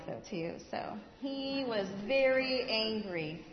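A woman's voice: a little high, normal speed, few pauses, slight background noise. Woman telling a Bible story to kids. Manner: animated, talking directly to children. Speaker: children's sermon leader. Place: church. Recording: echoey hall, dull sound.

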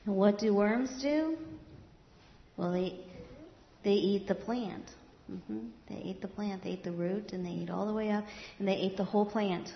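A woman in a church telling a Bible story to children in a lively way, asking them questions and leading a prayer. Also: mid-range voice, moderate pace, vocal fry. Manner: animated, talking directly to children. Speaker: children's sermon leader. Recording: echoey hall, dull sound.

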